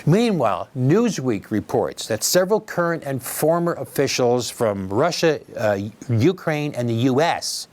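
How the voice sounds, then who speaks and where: A man's voice: medium pitch, darkish tone. A man hosting a news commentary program, giving opinionated, wry remarks and addressing listeners directly. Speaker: commentary host.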